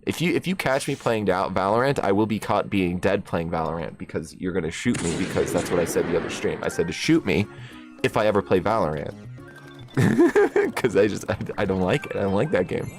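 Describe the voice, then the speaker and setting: A young man casually commenting while streaming a game, jokey and excitable, breaking into shrieks and laughs. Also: low-pitched, brisk, soft background music. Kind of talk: casual gaming livestream commentary.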